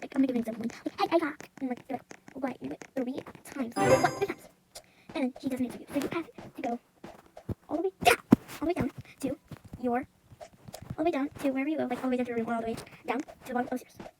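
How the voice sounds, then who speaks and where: A woman's voice: high-pitched, rapid-fire, heavy background noise. A woman rambling through a casual story time, her voice sped up, with lots of "like" and "you know.". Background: loud music.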